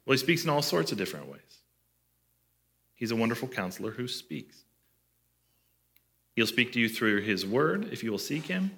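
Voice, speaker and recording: A man delivering a sermon to his church in a bright, forward voice. He talks in a conversational way and often puts questions to his listeners. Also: medium pitch, big pitch swings, moderate pace, vocal fry, pauses often. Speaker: pastor.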